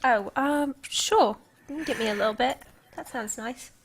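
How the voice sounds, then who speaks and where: Bright-voiced woman playing a game. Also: a little high, normal speed, a little hiss or hum. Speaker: player. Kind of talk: tabletop role-play, casual.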